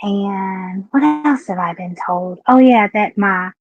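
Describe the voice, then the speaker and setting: A woman's voice: medium pitch, animated, slow, no echo, faint music behind. Southern woman livestream host, frank, chatty, muffled dry home audio. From Southeastern Kentucky. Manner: chatty, frank, greets viewers by name. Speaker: livestream talk show host. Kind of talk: casual live-stream chat.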